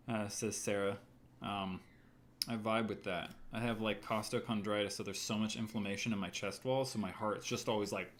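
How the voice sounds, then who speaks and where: A man's voice: on the low side, slight background noise. A man hosting a casual livestream as a writer, reading viewer comments aloud and reacting to them.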